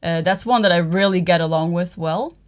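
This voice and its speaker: A young woman from the Netherlands, talking in a casual livestream chat, soft-spoken and thoughtful. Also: on the low side, brisk. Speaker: co-host, partner.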